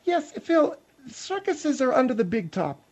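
A man's voice: extremely high pitch, big pitch swings, unhurried, a little mellow, voice pushed up, heavily acted. A man voicing a prim, fussy older woman on a radio comedy show who scolds and gets flustered. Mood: prissy. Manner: prissy, scolding, easily flustered.

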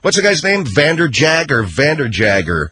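A man hosting a comedy talk radio show, wisecracking and quick to get defensive. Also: fairly high pitch, very animated, bright, forceful tone, slight background noise.

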